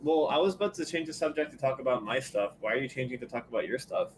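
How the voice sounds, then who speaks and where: A man's voice: mid-range voice, expressive, fast talker, a little hiss or hum. A man co-hosting a podcast, bantering in an easygoing, slangy way. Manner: easygoing banter, slangy with frequent 'like' and 'dude'. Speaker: podcast co-host. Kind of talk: casual chat.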